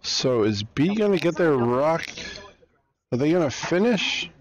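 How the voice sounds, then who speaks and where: A man's voice: a little high, a little slow, muffled recording. A man hosting a casual live stream at a curling club, chatting and commenting on the games. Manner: relaxed, chatty, talks over the game. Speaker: club livestream host. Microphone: headphones and microphone.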